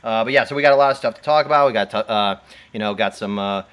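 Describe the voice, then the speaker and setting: A man's voice: fairly low pitch, rapid-fire, a bit bright, clear, resonant tone. A man hosting a casual livestream, rambling with many fillers and frequent laughs. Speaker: host.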